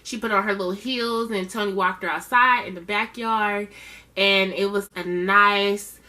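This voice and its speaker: A woman's voice: mid-range voice, steady tone, unhurried, sharp tone. Sassy chatty woman recapping TV. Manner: chatty, sassy, slangy asides. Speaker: reality show reviewer. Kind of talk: casual recap commentary.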